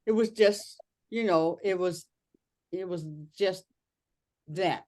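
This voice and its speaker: A woman's voice: on the low side, slow, warm tone. A woman co-hosting a casual group chat, giving reassuring feedback in a rambling way with lots of fillers. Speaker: co-host.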